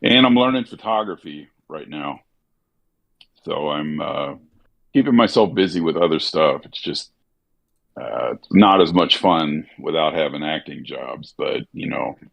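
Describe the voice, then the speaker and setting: Man with a slight Southern Missouri accent, very low voice, relaxed musing chat, slightly dull sound. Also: unhurried, creaky. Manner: relaxed, musing, many fillers and restarts. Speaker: actor and voiceover artist. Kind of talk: casual chat during a gaming stream.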